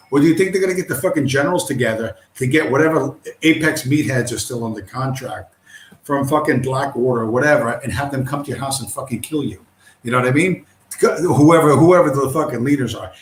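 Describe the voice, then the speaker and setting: A man's voice: mid-range voice, animated, a little fast. Profane combative man ranting on stream. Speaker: livestream host. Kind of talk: ranting livestream monologue. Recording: roomy echo.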